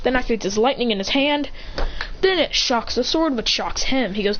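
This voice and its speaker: A woman's voice: on the high side, normal speed, pauses often, dull audio, slight background noise. A woman telling a fan-made hero story, rambling and correcting herself as she goes. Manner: rambling, self-correcting, bursts into shouted attack names. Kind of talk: excited fan-fiction retelling.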